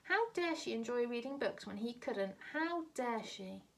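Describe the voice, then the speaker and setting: A woman voicing a spiteful, jealous father who mocks his daughter slowly. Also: fairly high pitch, animated, gravelly, a bit bright, full character voice. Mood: sneering. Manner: sneering, slow and mocking.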